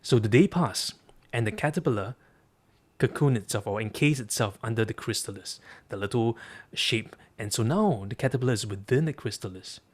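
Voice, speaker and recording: A man's voice: medium pitch, lively intonation, moderate pace. A man, a coach, telling a story and drawing lessons from it with emphatic repeated phrases. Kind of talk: storytelling talk.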